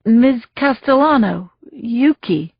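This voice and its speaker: Lady narrator doing a sharp-tongued woman lawyer, blunt, dry audio. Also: fairly high pitch, lively intonation, slow, gravelly, breathy edge, no room sound, lo-fi sound, full character voice. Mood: dazed. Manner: snappy, blunt.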